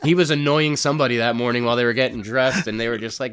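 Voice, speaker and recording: A man telling his family stories in a casual podcast chat, with a mid-pitched voice. He is lively and loose as a storyteller and drops swear words freely. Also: racing, clear, resonant tone. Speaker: comedian guest.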